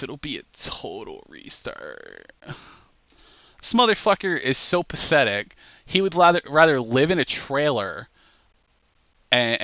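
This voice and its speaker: A man hosting a podcast, ranting loudly with heavy profanity and mockery. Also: medium pitch, no room sound, muffled recording. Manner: loud, profane, mocking rant. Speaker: podcast host.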